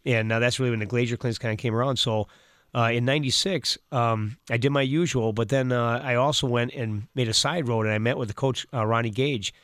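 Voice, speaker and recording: A man who coaches high school football, talking casually as a radio co-host and telling long rambling stories. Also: fairly even intonation, fairly bright tone, dry recording, studio quality. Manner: rambling, quick storyteller.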